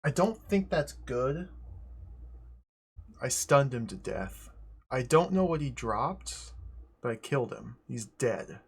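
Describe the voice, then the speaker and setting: A man streaming a game live, talking through it aloud in an excitable, joking way. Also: medium pitch, takes it slowly, vocal fry, pauses often, breathy edge. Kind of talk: casual live gameplay commentary.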